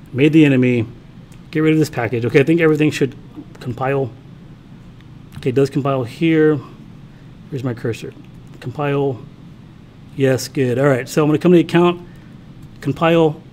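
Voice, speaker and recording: A man's voice: mid-range voice, normal speed, long pauses, a little mellow, a little hiss or hum. A man teaching a programming class, talking casually and thinking aloud as he codes, often checking in with students. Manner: casual, thinks aloud while typing, talks to himself. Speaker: college programming instructor. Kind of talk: classroom lecture with live coding.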